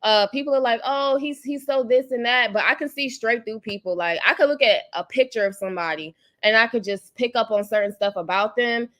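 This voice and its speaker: A woman's voice: medium pitch, fairly quick, hardly any pauses, fairly bright tone. A woman hosting her channel's livestream, chatting casually about celebrity gossip, rambling and greeting viewers in the chat. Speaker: YouTube channel host.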